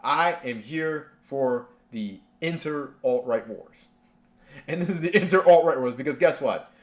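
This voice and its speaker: A man's voice: mid-range voice, animated, a little slow. A man hosting a casual reaction rant, sarcastic and rambling, with lots of restarts. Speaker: commentary channel host.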